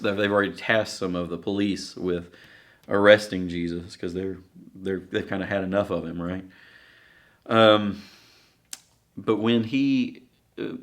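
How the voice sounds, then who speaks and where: A man preaching a sermon in a conversational, halting way, with frequent fillers and restarts. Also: fairly low pitch, fairly bright tone.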